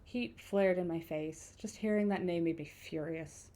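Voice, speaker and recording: Mellow-voiced woman streamer. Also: fairly low pitch, unhurried. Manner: self-deprecating asides. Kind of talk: game let's play with read-aloud narration.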